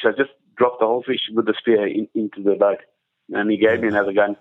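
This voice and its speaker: A man guest telling stories in casual chat, halting with many restarts and fillers. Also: on the low side, steady tone, phone-quality sound. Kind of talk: casual storytelling.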